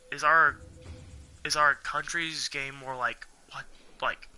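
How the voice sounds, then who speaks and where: Angry ranting young man, bright voice. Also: a little high, a little hiss or hum. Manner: heated, profane, rambling. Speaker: gaming channel host.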